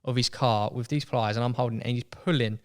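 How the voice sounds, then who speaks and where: A young man telling a story as a podcast guest in casual chat, animated and acting out voices. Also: mid-range voice, fast, smooth. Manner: chatty, animated, acts out quoted voices.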